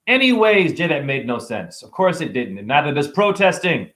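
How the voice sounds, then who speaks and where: A man with a high voice that leaps all over its range rants through a rambling spiritual monologue to camera. He preaches, jokes and swears casually. He keeps exclaiming as he talks. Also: moderate pace. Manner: animated, preachy, joking, exclaiming. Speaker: spiritual vlogger.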